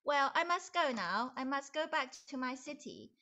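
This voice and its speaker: A woman's voice: high-pitched, lively intonation, normal speed, highs cut off, heavily acted. A woman playing a humble earnest woodcutter. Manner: earnest, plain and warmly insistent.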